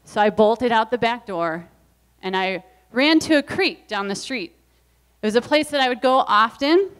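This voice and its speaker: Clear-voiced woman telling a story. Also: mid-range voice. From US Midwest. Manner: earnest, reflective, acts out quoted voices. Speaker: event speaker. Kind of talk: personal storytelling talk.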